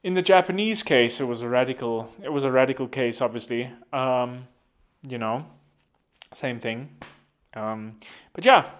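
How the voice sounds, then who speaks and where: A man's voice: mid-range voice, moderate pace. A man hosting a podcast, talking in a rambling, casual monologue full of fillers and self-corrections. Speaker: podcast host.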